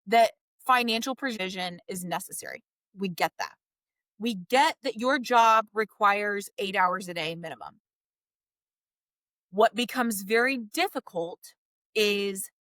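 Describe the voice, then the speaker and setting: A woman's voice: on the high side, a bit bright, no room sound. A woman marriage coach giving direct, emphatic advice to husbands in a podcast monologue.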